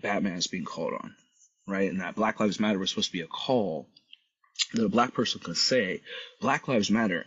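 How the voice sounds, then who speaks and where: A male podcast host telling a story in a casual monologue, animated, often tagging his lines with "right?" and acting out the people he quotes. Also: sits low, slightly rough, highs cut off.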